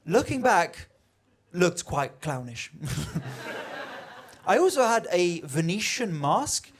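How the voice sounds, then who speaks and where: A man's voice: sits high, very animated, takes it slowly. A man doing a stand-up comedy set, talking conversationally and acting out the voices he quotes. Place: comedy venue with live audience.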